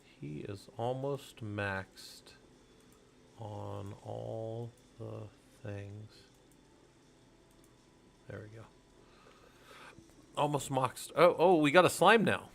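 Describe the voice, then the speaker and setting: A middle-aged man streaming in relaxed, rambling chat, swearing freely as he talks to viewers. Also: lowish voice, vocal fry, slight background noise. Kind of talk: casual livestream chat.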